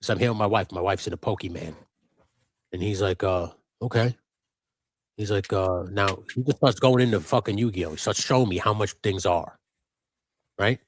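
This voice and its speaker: A man with a fairly low voice tells a long, animated story, swearing freely as he goes. It is relaxed, casual live-stream chat. The sound is dry and close, with no room echo. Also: normal speed, long pauses. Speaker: co-host of a live customizing stream.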